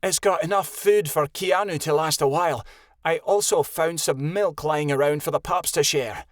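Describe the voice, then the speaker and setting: A man voicing a bossy, practical young male wolf who gives brisk orders. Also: a little high, no room sound, clean studio sound, voice pushed up, close to an everyday voice.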